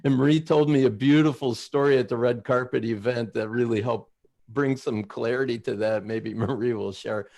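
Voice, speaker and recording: Earnest man with a gravelly voice. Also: mid-range voice, fairly even intonation, normal speed, darkish tone. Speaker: guest, education company founder. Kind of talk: talk show interview.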